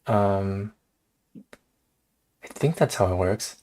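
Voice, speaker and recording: A man's voice: on the low side, takes it slowly, darkish tone. A man hosting a casual live coding stream, thinking aloud in a hesitant way and often laughing. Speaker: streamer host.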